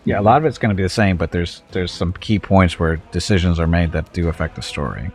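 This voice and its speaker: A man's voice: low voice, quick pace, darkish tone, soft background music. A man streaming a video game, chatting casually with viewers and making wry, chuckling asides. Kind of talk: casual let's-play commentary.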